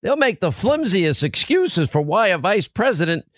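A man's voice: high-pitched, sing-song, normal speed, a bit bright, dry recording. A middle-aged man hosting a political talk radio show, speaking emphatically in repeated rhetorical lists on a studio microphone.

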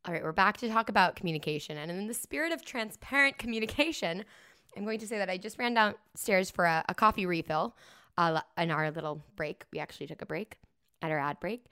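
A woman co-hosting a podcast in casual chat. She talks in a lively way, laughs often, and acts out quotes. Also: on the low side, brisk, clear, resonant tone, dry recording, studio quality. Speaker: podcast co-host.

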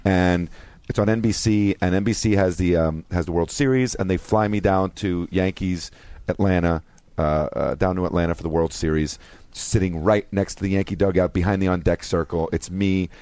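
A man who is a guest actor telling a story in an excitable, animated way, sometimes breaking into shouts, on a podcast studio mic. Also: deep voice, normal speed, no room sound. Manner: excitable, shouts when reenacting.

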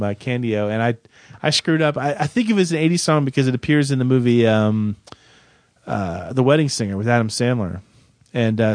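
A man's voice: medium pitch, no echo. Chatty man hosting, dry studio sound. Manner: rambling, self-correcting, jokey. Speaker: podcast host. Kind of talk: casual chat.

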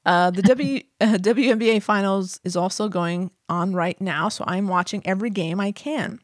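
A woman's voice: medium pitch, moderate pace, no room sound. Giggly chatty woman, dry close sound. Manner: giggly, chatty, breaks into laughter often. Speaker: podcast co-host. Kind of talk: casual chat, reading listener mail.

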